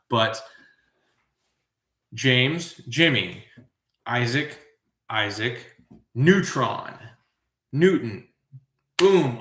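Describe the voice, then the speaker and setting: Male trivia host, mid pitch, jokey and rambling, echoey room sound. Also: a bit bright. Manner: goofy, self-amused, riffs on tangents. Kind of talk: rambling live trivia commentary.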